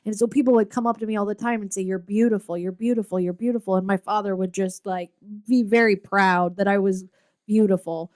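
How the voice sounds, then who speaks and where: A woman's voice: mid-range voice, fairly even intonation, brisk, a little mellow, dry recording, clean studio sound. Candid chatty woman in her forties. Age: 40s. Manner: candid, rambling with restarts and many fillers. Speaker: podcast co-host. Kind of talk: casual chat.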